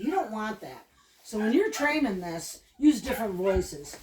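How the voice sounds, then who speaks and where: A woman's voice: a little high, animated, normal speed. A woman dog trainer explains things in a loose, chatty way, speaking from a little way off the mic. Her voice carries a roomy echo. Faint noise sits under the recording. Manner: chatty, loose and repeats cues with praise. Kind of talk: casual training demonstration. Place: indoors at home with her dog. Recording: echoey room, mic at a distance.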